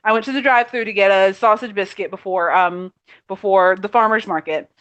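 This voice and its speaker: Over muffled video call audio, a woman co-hosts a casual podcast chat, ranting in exasperation and tossing in plenty of quoted asides. Her voice sits at medium pitch with a fairly bright tone, and she talks a little fast.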